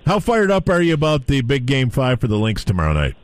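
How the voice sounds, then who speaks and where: A man's voice: medium pitch, huge pitch swings, brisk, no room sound. A man co-hosting a live sports talk radio show, wisecracking and emphatic. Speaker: radio co-host.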